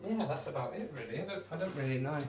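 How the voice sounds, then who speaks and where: A young man streams himself throwing darts, rambling casually, poking fun at himself, and reading out and answering viewers' chat. His voice is on the high side, animated and fast, with background noise present.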